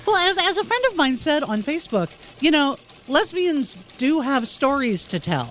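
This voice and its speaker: A woman's voice: high voice, sing-song, moderate pace, slight background noise. A woman co-hosting a radio talk show, joining the banter and reading a news segment. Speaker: radio co-host and news reader.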